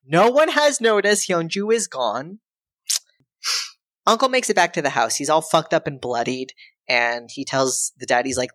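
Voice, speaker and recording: Low-voiced woman recapping a film. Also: dry recording. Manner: animated, acts out characters' lines in quick put-on voices; loose and irreverent, with frequent fillers and profanity. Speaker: podcast co-host.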